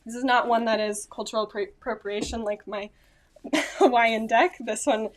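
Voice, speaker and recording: A woman's voice: fairly high pitch, fairly even intonation, moderate pace. A woman talks casually into her phone camera at home. She rambles, stops to correct herself, and laughs a little as she goes. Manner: chatty, rambling, self-correcting with small laughs. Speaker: vlogger. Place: at home, indoors.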